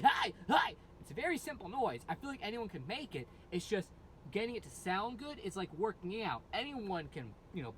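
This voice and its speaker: A high-voiced man who sings in a metal band rambles loosely through an explanation of how he screams, restarting often and using plenty of fillers. It's a casual vocal tutorial with a little background noise.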